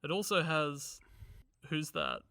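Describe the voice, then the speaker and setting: Male podcast co-host, higher-pitched, with a dry, close sound and joking banter. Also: wildly swooping pitch, slow, bright, forceful tone, dry recording. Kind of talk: casual film podcast chat.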